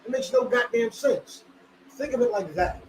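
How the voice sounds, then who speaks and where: High-voiced, profane Jersey Bible teacher. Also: male voice, moderate pace, darkish tone, slight background noise, low-quality recording. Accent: New Jersey. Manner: blunt, profane and emphatic. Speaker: teacher leading a scripture study. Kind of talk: streetwise Bible lesson.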